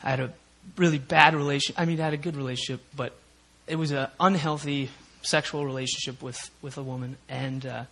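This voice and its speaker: A man's voice: medium pitch, steady tone, brisk, creaky, hardly any pauses, a bit bright. A man from Minnesota giving a personal testimony at a church prayer meeting, emotional and rambling, with many fillers. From Minnesota, USA.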